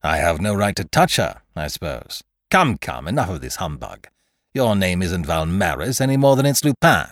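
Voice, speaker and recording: A man's voice: deep voice, very animated, moderate pace, no room sound, clean studio sound, heavily acted. Man putting on a sneering, furious English detective. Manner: shouting, harsh.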